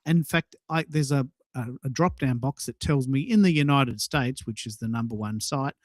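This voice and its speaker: A man's voice: mid-range voice, moderate pace, hardly any pauses, dry recording. A man co-hosting a podcast, talking casually and enthusiastically, often repeating and restarting words. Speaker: podcast co-host. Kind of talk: casual chat.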